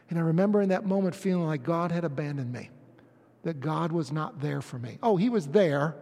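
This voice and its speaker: A middle-aged man preaching a personal testimony sermon, moving from quiet storytelling to impassioned shouting. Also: high-pitched, big-room sound. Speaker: pastor.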